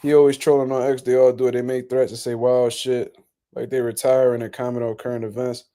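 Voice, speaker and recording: A man talks through boxing news in a blunt, profane, disbelieving rant. His voice is mellow and warm at a middling pitch. It is a casual reaction commentary. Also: little pitch movement, fairly quick. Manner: blunt, profane, incredulous ranting.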